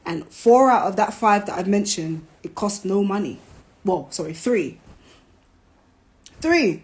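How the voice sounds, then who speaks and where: A woman hosting a live stream, talking casually, animated and preachy, with playful jabs. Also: mid-range voice, moderate pace. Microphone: phone.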